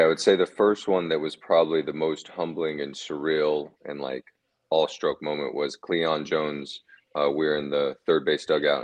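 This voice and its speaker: A man, a former ballplayer, telling relaxed anecdotes as a guest in a casual interview, often chuckling. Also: very deep voice. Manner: laid-back, chuckling anecdotes.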